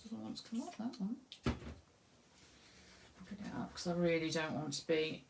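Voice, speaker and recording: A woman with an Essex accent leads a live painting lesson, chatting and joking at her own expense as she works. Her voice sits low with a gravelly edge. A faint hiss runs under the recording. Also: lively intonation, moderate pace. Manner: chatty, self-deprecating, thinks aloud while working. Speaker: craft tutor.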